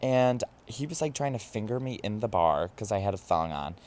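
A man's voice: lowish voice, expressive, moderate pace, a little mellow. A man telling a story in a chatty, gossipy way, full of "like" fillers. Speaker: vlogger. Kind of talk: casual storytelling.

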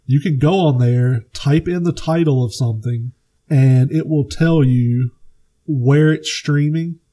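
Animated man telling stories on a podcast. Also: medium pitch, a little slow. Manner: animated storyteller, swears freely, acts out movie quotes. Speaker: podcast co-host. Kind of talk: casual chat.

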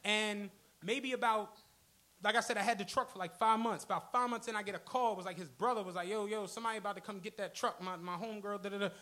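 Fast and sitting high, a man's voice carries an animated, profane story told live from a comedy club stage. He co-hosts the podcast being recorded and plays the different people in his story.

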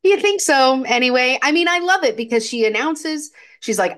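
A woman's voice: on the high side, expressive, moderate pace, hardly any pauses. A young adult woman co-hosting a podcast, animatedly retelling a movie and acting out the characters' lines. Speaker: podcast co-host. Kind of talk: casual movie discussion.

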